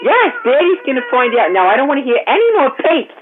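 A woman playing a foul-mouthed, frazzled mother on a prank phone call, yelling and cursing as she scolds. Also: sits high, sing-song, fast. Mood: scolding. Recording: tinny noisy phone line.

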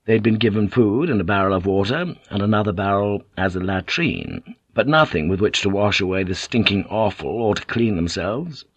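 Low-voiced husky male audiobook narrator. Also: expressive, normal speed, no room sound. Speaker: audiobook reader. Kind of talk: scripted narration.

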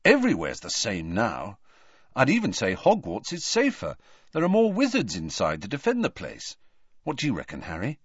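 A man voicing a loyal, blunt and excitable teenage boy in a raised, eager voice. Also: moderate pace, slightly rough, dry recording. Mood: reasoning. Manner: eager, raised pitch, informal. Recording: slightly dull, dry audiobook recording.

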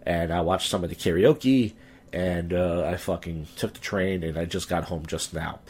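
Drunk guy in his 30s doing a podcast, low husky voice, swears a lot and rambles, yells when he gets worked up. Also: moderate pace. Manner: profane, rambling storytelling, voice jumps up when ranting. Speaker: podcast host and stand-up comic. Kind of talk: casual rambling podcast monologue.

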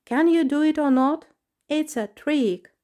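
A woman's voice: high-pitched, measured pace, mellow, pitched above the performer's own voice. A woman voicing an old male fakir magician who talks firmly and dismissively in a storybook reading.

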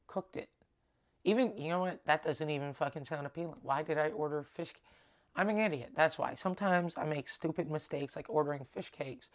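A woman comedian talking casually on her own podcast, swearing freely and acting out what people said in quick bursts. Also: deep voice. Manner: animated, swears, acts out dialogue in quotes. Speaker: stand-up comedian. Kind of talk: casual solo podcast storytelling.

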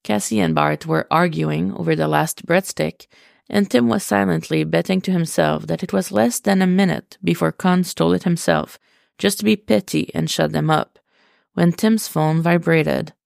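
A woman reading a podfic in steady, wry narration. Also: fairly low pitch, normal speed, creaky, no room sound, clean studio sound. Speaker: podfic reader. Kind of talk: storybook narration.

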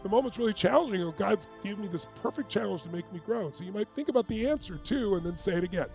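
A man's voice: high-pitched, lively intonation, quick pace, vocal fry, darkish tone, faint music behind. A man as a motivational coach, leading a live group exercise with urgent, commanding, repeated cues.

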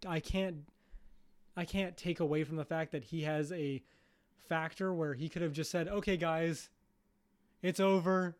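A man co-hosting a podcast, talking politics in casual chat, animated and swearing as he acts out mock quotes. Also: a little high, normal speed. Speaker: podcast co-host.

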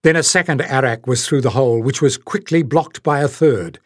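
A man reads a fantasy audiobook in a steady, measured style. His voice sits in a middle range and the recording is close and dry. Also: medium pitch, no echo. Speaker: audiobook narrator. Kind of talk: scripted narration.

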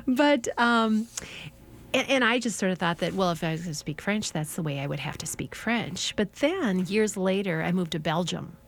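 A woman, a French teacher, chatting as a guest on a radio show and telling stories with a lively, laughing manner. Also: on the low side, moderate pace. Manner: chatty storyteller, laughs often. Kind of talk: casual radio interview chat.

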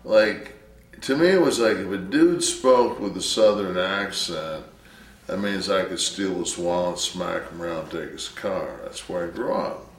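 A man's voice: low-pitched, unhurried. A man from Detroit telling rambling stories in casual, profane chat, swearing constantly. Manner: rambling, heavy swearing, storytelling. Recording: roomy sound from a distance with faint noise.

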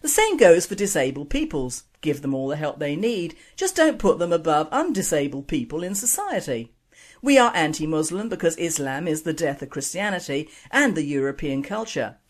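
A woman's voice: deep voice, very animated, moderate pace. A woman hosting an online radio show, reading opinionated scripted commentary and jokes. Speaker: radio host.

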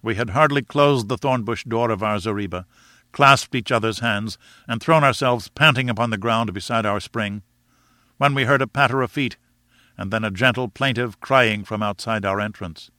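A man reading an adventure novel aloud as narrator, in a measured, steady storytelling manner. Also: on the low side, no room sound, clean studio sound. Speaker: audiobook reader. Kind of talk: scripted narration.

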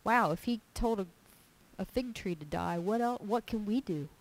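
A woman's voice: medium pitch, moderate pace, low-quality recording. Emphatic woman preaching a homey sermon. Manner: animated storytelling, acting out little dialogues in her own voice; emphatic and repetitive. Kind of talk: informal sermon with personal stories.

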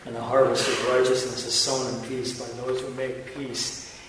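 A man's voice: medium pitch, flat delivery, normal speed, a bit bright. A male pastor preaching a sermon, emphatic and repetitive, with joking self-mocking asides to the congregation. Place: church sanctuary. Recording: echoey church hall from far off, faint noise.

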